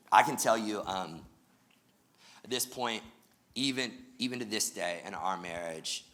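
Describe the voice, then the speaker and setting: A male pastor preaching a sermon, talking straight to the congregation with energy and joking asides. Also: low voice.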